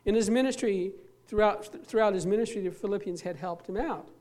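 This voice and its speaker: Pastor preaching, earnest and emphatic, mid pitch, drags out key words, repeats bits. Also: a little fast, darkish tone. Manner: repeats and restarts phrases while preaching. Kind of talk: sermon.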